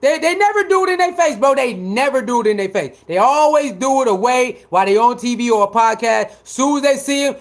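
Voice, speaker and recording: A man doing casual livestream commentary, talking back to his viewers in an animated, emphatic way. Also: very high voice, a little fast, hardly any pauses. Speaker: livestreamer reacting to chat.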